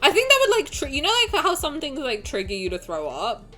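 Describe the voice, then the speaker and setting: A woman's voice: high voice, wildly swooping pitch, fairly quick, pushed and bright, soft background music. A young woman streaming live, reading chat messages aloud and reacting with swearing and frequent laughter.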